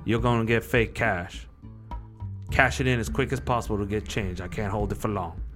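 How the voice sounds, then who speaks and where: A man with a lowish voice plays his character at a tabletop game. He talks in a bossy, profane way and hands out orders, with music running underneath. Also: normal speed. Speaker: player. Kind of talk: in-character tabletop role-play.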